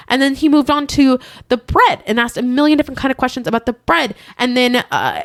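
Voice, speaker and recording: A woman's voice: high voice, fast talker, hardly any pauses, no echo. Woman, podcast co-host, casual storytelling, acts out the people she quotes, dry close sound. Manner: animated retelling, acting out quoted guests and staff. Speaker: hotel front desk supervisor.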